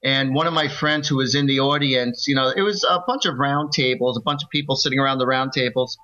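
A man's voice: medium pitch, quick pace. A man co-hosting a call-in psychic radio show, encouraging the caller and telling stories. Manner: encouraging, storytelling, animated quoting. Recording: dull lo-fi radio sound.

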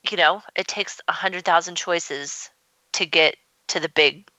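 A woman co-hosting a radio talk show, telling stories in a chatty, animated way with lots of fillers. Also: fairly low pitch, unhurried, dry recording, rough recording. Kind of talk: casual conversation.

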